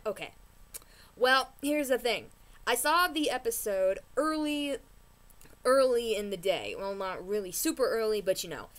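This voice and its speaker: A woman vlogger talks through a TV episode in a loose, chatty rant. She keeps jumping back to restart her sentences and is quick to get worked up. Her voice sits at an ordinary middle pitch. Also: fairly bright tone. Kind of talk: casual TV recap rant.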